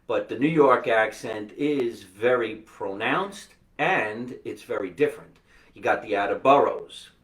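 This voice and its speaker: A man hosting a live podcast, chatting and joking with quick asides. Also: medium pitch, expressive, a bit bright, recorded from a distance. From New Jersey. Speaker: podcast host. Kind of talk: casual live-stream chat. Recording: echoey room, voice from off the mic.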